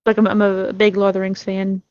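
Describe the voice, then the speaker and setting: A woman's voice: mid-range voice, completely flat delivery, a little fast, darkish tone, clean tone, dry recording, lo-fi sound. A woman chatting casually as a podcast guest, rambling and laughing while she tells stories. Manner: rambling, giggly, acts out her own reactions. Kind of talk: casual chat.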